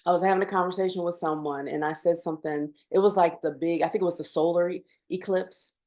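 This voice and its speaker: A woman with a fairly low voice co-hosts a casual podcast. She talks things through unhurriedly and thoughtfully, with laughing asides along the way. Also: steady tone, quick pace, mellow. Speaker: podcast co-host. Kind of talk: casual chat.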